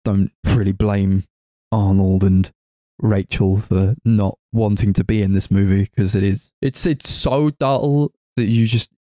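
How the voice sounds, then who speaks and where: A man co-hosting a casual movie review chat, ranting, swearing and laughing, his voice jumping high when exasperated. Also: steady tone, unhurried, warm tone, no room sound, clean studio sound. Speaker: podcast co-host.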